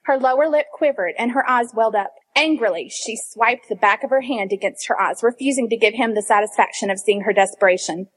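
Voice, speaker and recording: A woman reading fan fiction aloud, expressive, at times breaking into laughter and asides. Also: on the high side, a little fast, few pauses. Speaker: reader.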